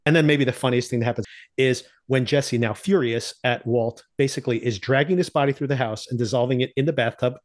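A man's voice: mid-range voice, normal speed. A man hosting a podcast, recapping a TV season in casual chat, laughing often and acting out the characters' lines. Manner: animated storyteller, laughs often, acts out quotes. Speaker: podcast host.

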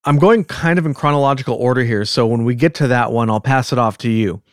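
A man with a Californian accent hosting a podcast in casual chat, rambling and quick to laugh. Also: mid-range voice, no room sound, studio quality. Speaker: podcast host.

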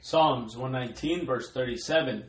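A man reading Bible verses aloud in a slow, measured way during a sermon. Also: medium pitch, echoey room, rough recording. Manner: slow, measured recitation of old-style verse. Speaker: scripture reader.

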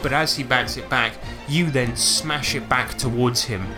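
A man narrating a tabletop game as game master, playful and excitable. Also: medium pitch, a little slow, over music.

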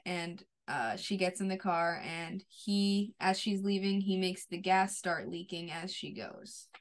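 A woman co-hosting a podcast, casually retelling an episode's scenes in long runs that trail off quietly. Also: lowish voice, a little slow. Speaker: podcast co-host. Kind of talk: casual chat recapping a TV episode.

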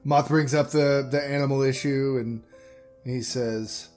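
A man casually narrating a tabletop game as game master, with a relaxed manner. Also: medium pitch, faint music behind. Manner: casual, laughing, unhurried narration.

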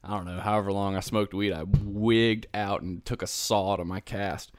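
A man's voice: fairly low pitch, flat delivery, normal speed, dry recording, soft background music. Dry-sounding man telling a rambling story. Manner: rambling, self-mocking, laughs through the story. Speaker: podcast host. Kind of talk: casual storytelling chat.

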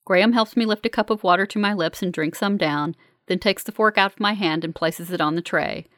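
A woman narrating a first-person novel as an audiobook, in a wry, measured manner. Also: lowish voice, fairly bright tone, dry recording, clean studio sound.

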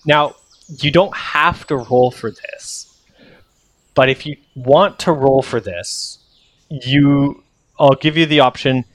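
A man runs a tabletop game at a slow, unhurried pace, hesitating and restarting his sentences. His voice sits close and dry, with no room around it. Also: medium pitch, dry recording. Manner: hesitant, full of fillers and restarts. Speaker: game master.

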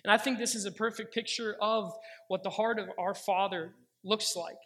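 Young male preacher, high and bright, earnest testimony, slows down for quoted prayers. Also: steady tone. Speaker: pastor. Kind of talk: sermon with personal testimony.

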